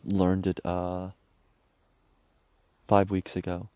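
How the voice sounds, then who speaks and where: A man's voice: low voice, monotone, slow, mellow, smooth, no room sound. A man in his thirties telling a rambling personal story in a casual monologue, acting out the people he quotes. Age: 30s. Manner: rambling storytelling, quoting others.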